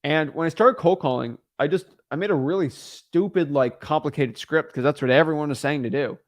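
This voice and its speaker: Speaking fairly quickly in a fairly high voice, a young man in his twenties hosts a livestream on real estate wholesaling, rambling with hyped energy and frequently correcting himself.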